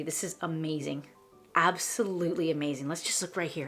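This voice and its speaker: A woman hosting a crafting vlog, gushing over a scrapbook and often dropping into a breathy whisper. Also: low-pitched, steady tone, brisk, a bit bright, soft background music. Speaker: scrapbooking channel host. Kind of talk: flip-through show-and-tell vlog.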